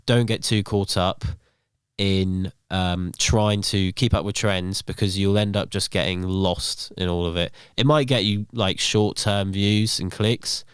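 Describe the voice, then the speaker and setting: A young man talking casually as a podcast guest, rambling through stories and filling the gaps with "um" and "like". His voice sits low and comes out smooth and clear. The sound is dry and close. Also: fairly even intonation, a little slow, no room sound. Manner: rambling, filler-heavy storytelling.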